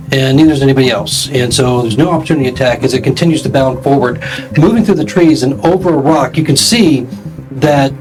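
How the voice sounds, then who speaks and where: A man narrating a tabletop fantasy game as its game master, painting each scene in slow detail and often stopping on "um" to find his words. His voice sits at an ordinary middle pitch, and soft music plays faintly behind him. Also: poor audio. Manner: descriptive, with frequent "um" pauses while narrating.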